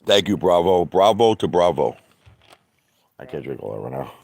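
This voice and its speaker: A very deep-voiced man rambles through a casual livestream, bragging and joking. His pitch swings widely as he talks, and the sound is dry and close. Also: big pitch swings, moderate pace, gravelly, darkish tone, no echo. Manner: rambling, boastful, breaks into laughter and mock falsetto. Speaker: livestream host. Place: outdoor hot tub at night.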